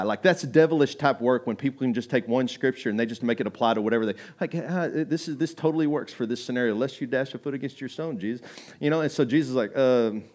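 A man preaching a sermon as pastor, talking in a conversational, animated way, acting out quoted voices and building to emphatic points. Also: mid-range voice.

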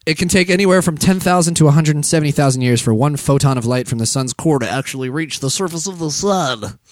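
Fast-talking profane young male podcast host. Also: fairly high pitch, no room sound. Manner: profane, joking, reads out fun facts. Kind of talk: crude comedic banter.

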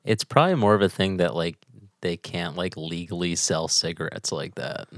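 A man's voice: low-pitched, moderate pace, no echo. A young man in casual chat, laid-back and joking, who swears freely.

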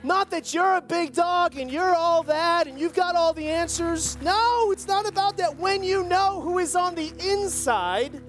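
A pastor preaching a sermon with lively storytelling and jokey asides. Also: extremely high pitch, a little slow, few pauses, faint music behind.

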